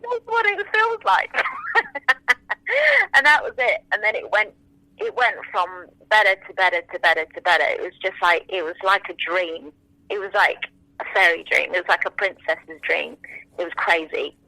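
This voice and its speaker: A woman in her forties whose first language is French, telling stories as an interview guest in an animated, enthusiastic way, often acting out what people said. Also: lowish voice, normal speed, no room sound, rough recording. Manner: animated, enthusiastic, acts out quotes. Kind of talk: casual interview storytelling.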